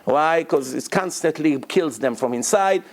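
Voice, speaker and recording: Emphatic man lecturing, slightly high voice. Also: expressive, measured pace. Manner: emphatic, repeats words for stress, non-native grammar; breaks into loud acted shouting of prayers and quotes. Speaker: rabbi lecturer. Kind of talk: Torah lecture to a congregation.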